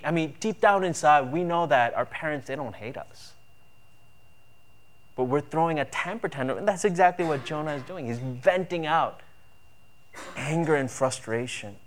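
Male pastor, sermon, earnest, emphatic, fairly high voice. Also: moderate pace, slight background noise. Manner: earnest, emphatic, rising to passion on key points.

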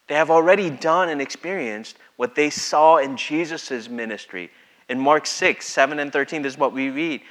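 A man preaching a sermon in a conversational way, reading scripture and acting out the quotes. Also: a little high. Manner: conversational, acts out scripture with lively voices. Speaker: pastor.

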